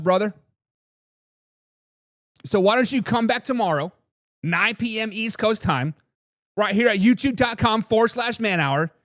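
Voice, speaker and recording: A man's voice: high voice, a bit bright, dry recording, clean studio sound. A man hosting a live sports talk show, trash-talking with brash energy as he answers viewers in the chat.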